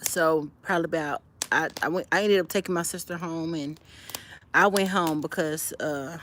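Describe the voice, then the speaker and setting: Woman livestreamer, chatty, talks right to viewers, slightly low voice, phone stream outdoors with clear background noise. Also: normal speed, a bit bright. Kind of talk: casual livestream chat and personal storytelling. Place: outdoors by a fire on a cold windy night.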